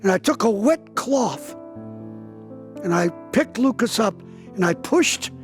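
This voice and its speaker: A man's voice: high voice, animated, slow, soft background music. A pastor in his seventies gives an interview and tells a dramatic story vividly, acting out the voices of the people in it. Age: 70s. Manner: vivid storyteller, acts out quoted dialogue with a raised voice. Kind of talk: interview testimony, telling a story.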